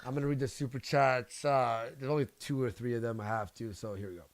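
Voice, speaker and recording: A man's voice: medium pitch, steady tone, fast talker, no echo. A man hosting a casual livestream, rambling and swearing a lot. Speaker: livestream host.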